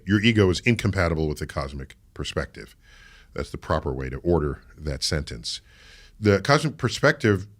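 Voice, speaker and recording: Deep, animated American man lecturing slowly. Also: slightly rough. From United States. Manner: measured, emphatic, lecturing with dramatic pauses. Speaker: guest astrophysicist. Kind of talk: podcast interview.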